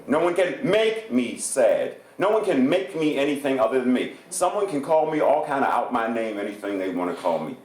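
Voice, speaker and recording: A man preaching a sermon as a guest minister, animated and playful, often laughing as he speaks. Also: medium pitch, brisk, few pauses. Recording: echoey church hall.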